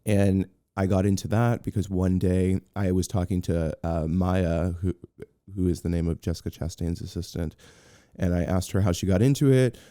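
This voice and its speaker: On a podcast as a guest, a man whose voice sits low talks at a normal speed while telling a casual story. He gets animated, performs other people's lines, and keeps restarting sentences. The sound is dry and of studio quality.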